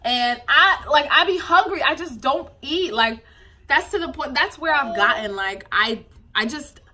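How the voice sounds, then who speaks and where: Emotional young woman with a bright voice. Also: sits high, expressive, a little slow. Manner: emotional, tearful at times, candid, lots of fillers. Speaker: vlogger, new mother. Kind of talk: casual confessional vlog.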